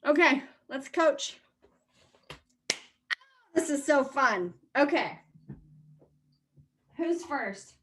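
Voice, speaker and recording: A woman's voice: high-pitched, expressive, very slow, pauses often, a bit bright. A woman life coach on a group video coaching call, bubbly and playful, laughing often.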